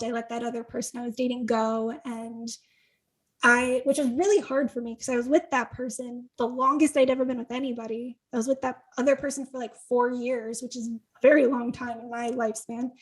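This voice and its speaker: On a slightly high-pitched, low-quality recording, a woman from Connecticut, USA, appears as a podcast guest and tells a story in casual conversation. She's chatty and animated, acts out what other people said, and keeps dropping "like" along with quick laughs.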